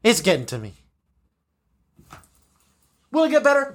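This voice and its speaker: Young man, podcast host, agitated profane rant, swooping lively pitch, repeats himself. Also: normal speed, long pauses. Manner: profane, agitated, repetitive ranting with many "you know"s. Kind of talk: solo ranting podcast episode.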